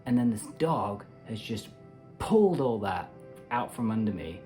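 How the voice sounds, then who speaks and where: A man's voice: on the low side, unhurried, faint music behind. Chatty man hosting a meditation video. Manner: animated, chatty, with playful asides. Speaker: meditation channel host. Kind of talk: casual self-help talk to camera.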